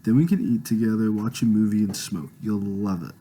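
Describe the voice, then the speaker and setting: A man's voice: on the low side, fairly even intonation, fairly quick, warm tone, slightly rough. A man reading a pushy, rich young woman's coaxing lines in his own plain voice, without doing a voice. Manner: coaxing, insistent.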